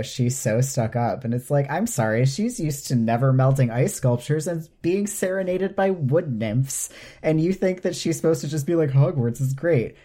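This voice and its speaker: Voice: medium pitch, mellow. A podcast co-host in casual chat, ranting with indignant sarcasm.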